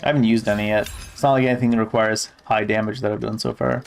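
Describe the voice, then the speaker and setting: A man's voice: lowish voice, flat delivery, fast talker, creaky, soft background music. A man giving casual gameplay commentary who reads game text aloud and swears offhandedly. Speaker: gamer.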